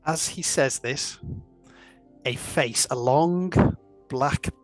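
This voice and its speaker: A man narrating a tabletop game as game master, describing scenes in halting, repeated phrases. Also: medium pitch, soft background music.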